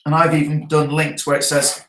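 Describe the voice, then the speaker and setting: A man's voice: fairly high pitch, completely flat delivery, moderate pace, a bit bright, echoey room, poor audio. A man who trains network marketers, talking through his event notes earnestly and often checking in with his listeners. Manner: earnest, checks in with a frequent tag question.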